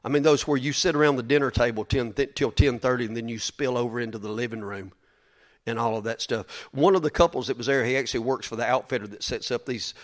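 Brief: male preacher, drawl, folksy and emphatic, mid-pitched, repeats for effect. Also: fast. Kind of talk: sermon.

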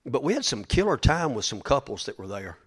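A man's voice: mid-range voice, very animated, fairly quick, husky. A man preaching a sermon in a folksy, emphatic way, often repeating his words.

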